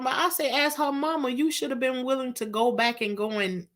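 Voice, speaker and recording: A woman's voice: high-pitched, steady tone, a little fast, fairly bright tone. A middle-aged woman, telling a storytime vlog in an emphatic, exasperated way. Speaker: vlogger.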